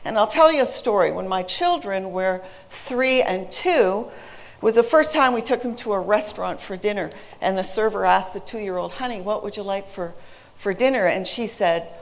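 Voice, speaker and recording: A woman who is a native English speaker giving an emphatic, animated public talk and quizzing her live audience. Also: mid-range voice, moderate pace, gravelly.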